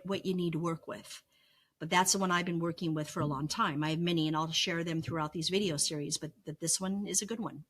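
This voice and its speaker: Middle-aged woman, vlog, earnest coaching tone, slightly low voice, repeats herself, "right?" asides. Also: steady tone, fast talker, slightly rough. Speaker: vlogger sharing her recovery lessons. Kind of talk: reflective, teaching vlog talk.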